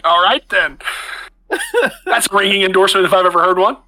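Guy gm narrating combat, super bright sharp voice, keeps restarting his sentences. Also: high voice, brisk, a little hiss or hum, low-quality recording. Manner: chatty, restarts phrases while describing the action. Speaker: game master. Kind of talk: narrating a tabletop game.

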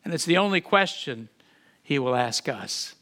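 A man's voice: fairly high pitch, expressive, normal speed, bright, forceful tone. A man preaching a sermon as pastor, earnest and often repeating words as he builds emphasis, then leading a prayer.

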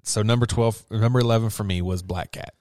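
A man's voice: on the low side, steady tone, brisk, darkish tone, a little hiss or hum. A man co-hosting a podcast, easygoing and agreeable, joking and restarting his sentences in casual chat. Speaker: podcast co-host. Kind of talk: casual chat reviewing coffees.

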